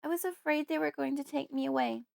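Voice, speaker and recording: A woman's voice: high voice, fast, creaky, a little mellow, no echo, pitched above the performer's own voice. Woman voicing a sobbing five-year-old girl. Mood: tearful. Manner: tearful, pleading. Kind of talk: audiobook character voice.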